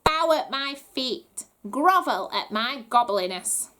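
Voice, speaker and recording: A woman voicing a tiny, vain male goblin prince with a squeaky, haughty voice. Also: animated, slow pace, bright, forceful tone, a little hiss or hum, full character voice. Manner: haughty, shrieking, whiny.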